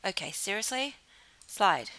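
A woman's voice: mid-range voice, big pitch swings, a little slow, bright, forceful tone. A young woman casually commenting while playing a life-sim game, chatty and giggly and gushing over what she sees. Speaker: gaming channel host. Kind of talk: casual let's play commentary.

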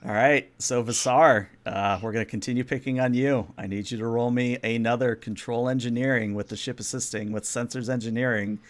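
A man narrating as game master of a tabletop role-playing game, relaxed and playful with the players. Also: mid-range voice, fairly quick, hardly any pauses.

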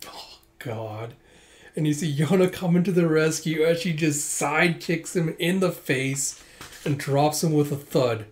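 A man's voice: fairly high pitch, fairly even intonation, normal speed, a little mellow. Chatty man narrating comic panels. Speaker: manga reader. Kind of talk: casual comic readthrough.

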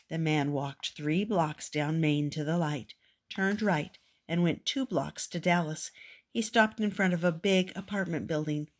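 An older woman reading a children's picture book aloud, gentle and expressive. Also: low voice, measured pace. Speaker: storyteller.

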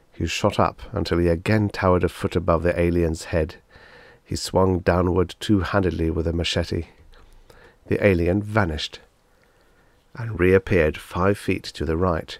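A man narrating a science fiction short story in a measured, steady reading. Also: deep voice, gravelly, dry recording. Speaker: audiobook narrator.

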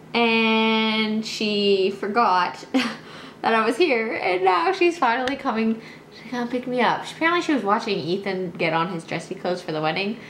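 A young woman talking casually to her viewers in a rambling vlog, full of "like" and "um". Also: a little high. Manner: rambling, filler-heavy talk. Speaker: vlogger. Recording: echoey room with faint noise.

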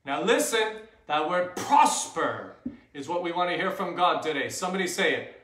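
A man's voice: a little high, very animated, normal speed, fairly bright tone. A man hosting a children's church show, upbeat and leading the kids in call-and-response. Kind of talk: kids' Bible lesson. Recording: echoey room.

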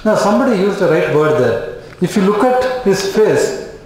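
A man's voice: high-pitched, very animated, moderate pace, darkish tone. A man giving a live class lecture, repeating points and checking in with "okay?" again and again. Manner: repetitive, checks in with "okay?" constantly. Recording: very echoey classroom, faint noise.

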